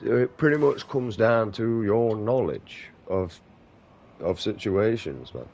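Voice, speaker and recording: A man's voice: fairly low pitch, expressive, slow, gravelly, darkish tone, slight background noise. A man gaming streamer chatting casually while he plays, blunt and sweary, rambling from point to point. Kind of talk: casual chat while playing a game.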